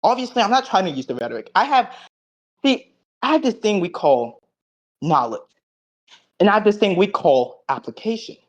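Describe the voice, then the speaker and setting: A man recapping an online debate, cocky and profane, lecturing in logic jargon with loud bursts and low mutters. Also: big pitch swings, normal speed, long pauses.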